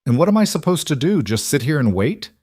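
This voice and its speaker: A man's voice: on the high side, big pitch swings, a little fast, darkish tone, husky, dry recording, studio quality, pitched above the performer's own voice. A man reading a pregnant young woman's lines in a raised, pleading voice. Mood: upset. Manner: pleading, rising voice.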